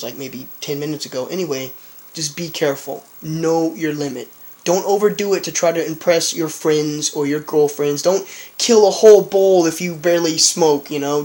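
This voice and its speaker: Rambling, profane young man vlogger. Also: a little high. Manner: rambling, profane, laughs while telling. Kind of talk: casual storytelling.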